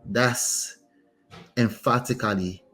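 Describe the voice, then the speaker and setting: A man's voice: mid-range voice, steady tone, takes it slowly, over loud music. A man, a relationship coach host giving casual, emphatic commentary and often asking "right?". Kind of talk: casual commentary on a reader's story.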